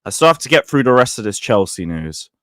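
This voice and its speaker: Young streamer, animated and sweary; lively pitch, dry close sound. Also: male voice, brisk, no echo. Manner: animated, mocking, swears freely, swings between loud and muttered. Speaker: football channel host. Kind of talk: casual livestream rant.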